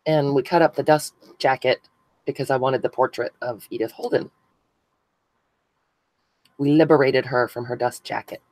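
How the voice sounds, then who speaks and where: A woman's voice: a bass voice, fairly even intonation, moderate pace, pauses often, a little mellow, rough recording. A woman hosting a casual craft live stream, chatting with viewers by name as she glues buttons and thinks aloud. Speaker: craft channel host. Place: indoors at a crafting table.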